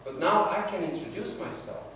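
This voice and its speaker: Male sales trainer, slightly high voice, workshop storyteller, heard from across an echoey training room. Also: a little fast, noisy background. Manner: storytelling, acts out quoted dialogue. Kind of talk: classroom workshop talk. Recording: very echoey room, mic far off.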